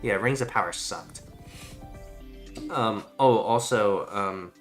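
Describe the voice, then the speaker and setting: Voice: sits low, slow, soft background music. A streamer chatting casually while gaming, ranting in a rambling, profane way.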